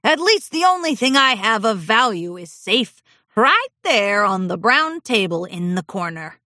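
A woman voicing a grumpy, forgetful old male pony gardener in a storybook reading, with a gruff, grumbling manner. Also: mid-range voice, big pitch swings, measured pace, pushed and bright, no echo, studio quality. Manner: gruff, grumbling, stammers when flustered.

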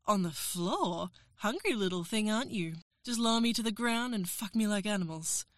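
A woman's voice: mid-range voice, animated, moderate pace, dry recording. Teasing, commanding woman, dry close voice. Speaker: professor character in audio role-play. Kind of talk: erotic audio role-play.

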